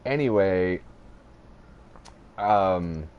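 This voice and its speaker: A young man on a casual podcast tells a long story in a rambling, profane way, full of fillers and restarts. His voice sits fairly low. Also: animated, extremely slow, clear, resonant tone, dull audio. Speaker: podcast host.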